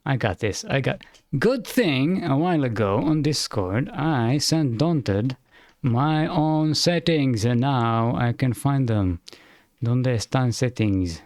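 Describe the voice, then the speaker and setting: A man's voice: medium pitch, darkish tone, no room sound, clean studio sound. A man streaming a video game, thinking aloud in a hesitant, rambling way. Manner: rambling, hesitant, self-correcting. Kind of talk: thinking aloud while playing.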